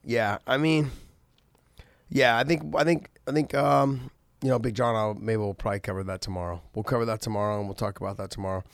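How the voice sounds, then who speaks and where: A man's voice: on the low side, steady tone, brisk, gravelly, no room sound, studio quality. A middle-aged man hosting a casual podcast, talking earnestly with many restarts and fillers. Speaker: podcast host and former fighter.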